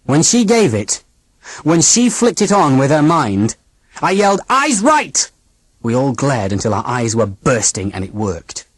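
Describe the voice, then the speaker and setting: Expressive, slightly breathy audiobook narrator. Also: medium pitch, normal speed, no room sound. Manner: dramatic, expressive reading. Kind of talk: first-person storybook narration.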